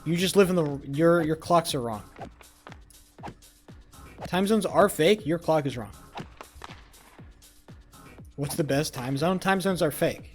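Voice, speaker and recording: A young man streaming live, swearing freely and mocking his viewers in loud, rowdy banter. His voice sits slightly high for a man. Faint music plays under his talk. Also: slow pace, long pauses. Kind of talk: casual live-stream chat.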